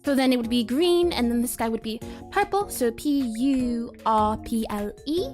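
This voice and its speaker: A woman's voice: on the high side, lively intonation, normal speed, a little mellow, faint music behind. A woman streaming her game development live, chatting casually, reading chat aloud, spelling out words and laughing often.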